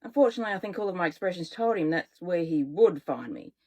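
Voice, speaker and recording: A woman's voice: on the low side, lively intonation, quick pace, a little mellow. A woman reading her own first-person romance novel aloud, chatty and informal, stopping to correct herself and talk to listeners.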